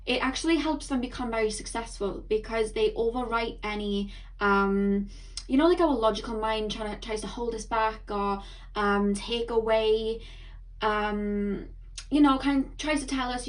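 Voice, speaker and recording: A young woman giving a chatty tarot reading, rambling and excitable, talking quickly. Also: on the high side, distant mic. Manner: excitable, rambling, talks fast. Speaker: tarot reader. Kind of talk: chatty intuitive card reading.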